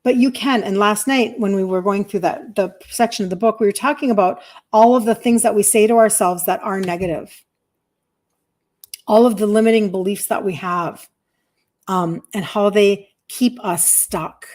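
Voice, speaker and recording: A woman's voice: mid-range voice, moderate pace, a little mellow. A woman in her fifties, a health coach talking bluntly and emphatically to her audience on a live stream. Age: 50s.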